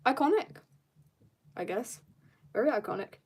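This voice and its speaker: Woman streamer, raised in South Africa, slightly higher voice, loose talk with chat while sketching at home. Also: big pitch swings, normal speed, darkish tone, husky. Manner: chatty, reads out and answers viewer comments. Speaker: art livestreamer. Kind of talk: casual chat while drawing live. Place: home, room upstairs.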